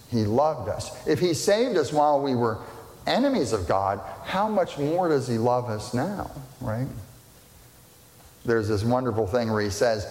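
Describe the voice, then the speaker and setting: A man's voice: mid-range voice, darkish tone. A man preaching a sermon as pastor, emphatic, repeating key words and putting rhetorical questions to the congregation. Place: church sanctuary. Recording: echoey hall with long reverb.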